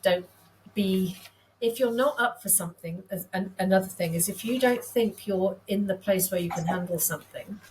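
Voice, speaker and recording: A woman's voice: mid-range voice, moderate pace, darkish tone, a little hiss or hum, poor audio. A woman in her fifties from the United Kingdom, a nurse practitioner guest telling stories in a candid, self-deprecating way and laughing easily. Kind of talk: casual conversational storytelling.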